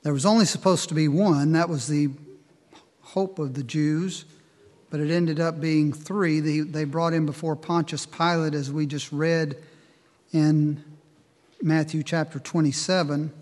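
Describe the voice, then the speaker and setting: A man preaching a sermon, reading scripture aloud and then explaining it slowly with pauses. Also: on the high side, steady tone, darkish tone. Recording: long hall reverb.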